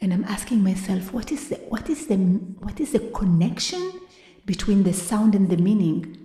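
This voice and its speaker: A woman giving a live lecture-performance, moving between hushed whispers and loud, drawn-out vocal sounds she repeats for effect. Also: mid-range voice, lively intonation. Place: university hall, live before an audience. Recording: echoey live room.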